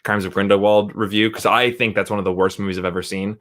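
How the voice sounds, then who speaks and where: A man's voice: on the low side, little pitch movement, fast talker, fairly bright tone. A man who is a guest film critic chatting casually, rambling along and often checking in with "right?". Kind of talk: casual chat.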